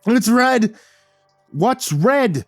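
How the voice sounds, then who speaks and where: A man voicing a frantic male prisoner who shouts insistently for answers. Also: very high voice, expressive, drawn-out words, dry recording, clean studio sound, faint music behind, pitched above the performer's own voice, full character voice.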